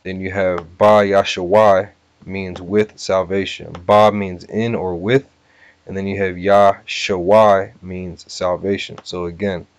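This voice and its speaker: A man teaching a scripture lesson, casual and repetitive, sounding out words slowly. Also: sits low, level tone, dry recording. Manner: casual, repeats "all right" and "you know", sounds words out slowly. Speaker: bible teacher. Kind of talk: scripture lesson with word-by-word breakdown.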